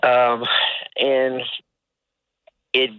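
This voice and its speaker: A man's voice: mid-range voice, completely flat delivery, clean tone, no echo. Hesitant man on a phone line. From southern Louisiana. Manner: halting, hesitant, restarts often. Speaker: caller. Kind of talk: phone call to an advice show.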